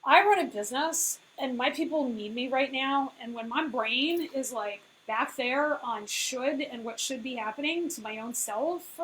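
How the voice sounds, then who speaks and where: A woman's voice: high voice, a bit bright, slight background noise, low-quality recording. A woman in her thirties who runs a business and coaches, talking casually in a conversational way, full of fillers and frequent "right?" check-ins. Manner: conversational, filler-heavy, keeps asking "right?". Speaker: business owner and life coach.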